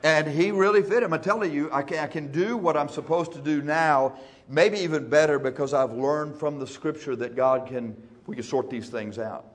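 A male pastor preaching in a church, folksy and emphatic, speeding up and slowing down for effect. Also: fairly high pitch. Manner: folksy, emphatic, shifting between fast and slow. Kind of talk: sermon.

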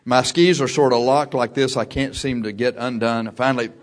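A man preaching a sermon, telling a personal story with lively delivery, laughing often and shouting at the big moments. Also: mid-range voice, fairly quick.

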